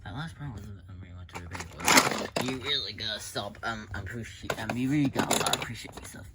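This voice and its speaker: A man's voice: fairly low pitch, fast talker. Sarcastic young man, noisy amateur recording. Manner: sarcastic, rambling, stammering restarts. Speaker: amateur voice actor. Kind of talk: fan animation voice acting. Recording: loud background noise with typing clicks.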